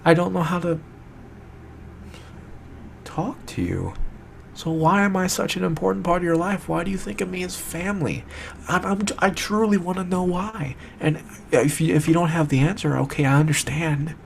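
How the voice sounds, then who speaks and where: A young man speaking straight to the camera in an emotional monologue, distraught and fighting back tears, halting and repetitive, swearing as he searches for words. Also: sits high, gravelly, a little hiss or hum. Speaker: video maker addressing a friend.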